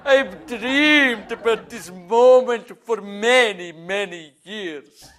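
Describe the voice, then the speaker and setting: A man playing a formal king from India in a comic sketch, speaking in a slow, ceremonious way. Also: high-pitched, fairly bright tone. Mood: grandiose.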